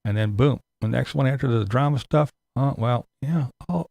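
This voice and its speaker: A man's voice: medium pitch, moderate pace, gravelly, darkish tone, no echo. A man giving a sarcastic, profane ranting commentary as a YouTube commentator.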